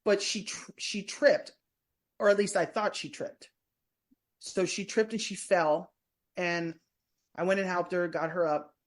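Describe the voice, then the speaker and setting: A woman's voice: fairly low pitch, fairly even intonation, unhurried, pauses often. A woman telling stories as a guest in a casual interview, meandering and often restarting her sentences. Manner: chatty, meandering, full of restarts. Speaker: guest, former prison staff member and tour guide. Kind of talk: casual storytelling in a podcast interview.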